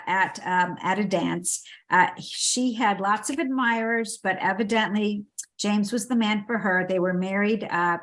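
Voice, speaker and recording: A woman hosts a book club and walks through a summary in an easygoing, conversational way. She fills her talk with light, playful asides and plenty of fillers. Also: mid-range voice. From United States.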